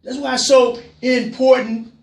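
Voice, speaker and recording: A talk show host delivering a passionate call-in monologue, repeating phrases and swinging from low murmurs to shouts. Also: level tone, unhurried, gravelly, distant mic. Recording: roomy sound, voice from away from the mic.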